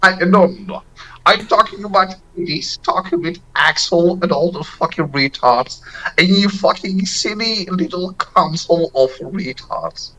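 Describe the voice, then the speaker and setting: A man's voice: high-pitched, expressive, unhurried, sharp tone, a little hiss or hum, rough recording. A man calling in to a show with a thick put-on accent, ranting in a profane, insulting, berating way. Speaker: caller. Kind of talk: phone-in rant.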